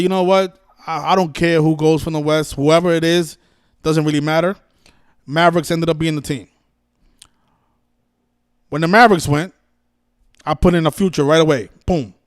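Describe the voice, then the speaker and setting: A man's voice: on the high side, dry recording, clean studio sound. A man hosting a livestream, scolding his viewers in an exasperated, profane rant with many restarts and repeated words. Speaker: livestream host. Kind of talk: ranting livestream monologue.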